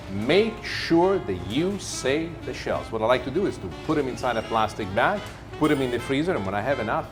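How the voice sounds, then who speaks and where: A middle-aged man hosts a cooking show, coaching the viewer step by step. His delivery is theatrical and self-amused, with a lively, swinging pitch. Guitar music plays clearly under his voice. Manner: warm, theatrical and self-amused, drawing out words. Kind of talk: cooking demonstration to camera.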